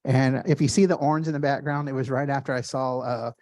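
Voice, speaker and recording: A man giving a casual gallery art talk, telling stories in excited, quick bursts with lots of fillers and restarts. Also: mid-range voice, no room sound, studio quality. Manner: animated storyteller with many fillers and restarts.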